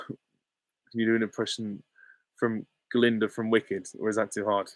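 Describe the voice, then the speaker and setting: A man's voice: fairly low pitch, little pitch movement, a little slow, no echo, studio quality. Easygoing, chuckling young man on a live Q&A. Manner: easygoing and chuckling, with short, offhand answers. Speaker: channel host. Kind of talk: casual live Q&A, reading out chat questions.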